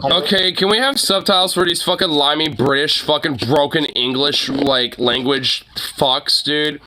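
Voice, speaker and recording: A man's voice: fairly high pitch, unhurried, crowd noise. A man streaming and reacting to posts, ranting crudely with constant profanity in a casual chat.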